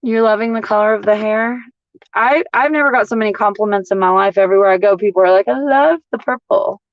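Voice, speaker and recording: A woman, ranting in a casual livestream as a couponing vlogger, blunt, profane and animated as she tells stories. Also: mid-range voice, fast, no room sound, muffled recording.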